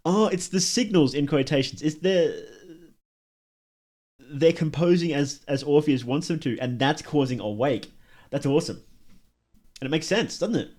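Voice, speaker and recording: A man's voice: on the high side, normal speed, long pauses, a little mellow, soft background music. A man streaming a live reaction, thinking aloud with curious, enthusiastic comments and musing questions. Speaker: streamer reacting to a horror series.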